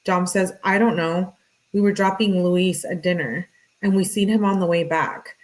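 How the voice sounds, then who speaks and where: Answering chat questions, a true crime commentator reads text messages aloud and slips in casual, exasperated comments between them. She speaks at normal speed in a steady tone, with a voice on the low side, and the audio is poor.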